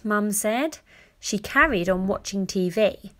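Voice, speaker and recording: A woman reading a children's picture book aloud, gently and expressively. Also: mid-range voice, expressive, slow. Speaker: storyteller.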